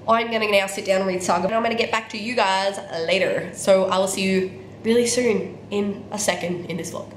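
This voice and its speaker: A woman's voice: medium pitch, steady tone, fairly quick. A woman with an Australian accent, chatting candidly in a casual book vlog while sick with a cold, repeating words for emphasis. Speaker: book vlogger. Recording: echoey room with faint background noise.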